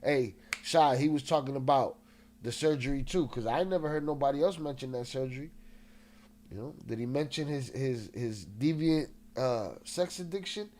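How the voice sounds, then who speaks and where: A man's voice: mid-range voice, moderate pace, darkish tone. A man hosting a casual livestream, restless and agitated, swearing often and greeting chat members, with a slightly nasal voice. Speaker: livestream host.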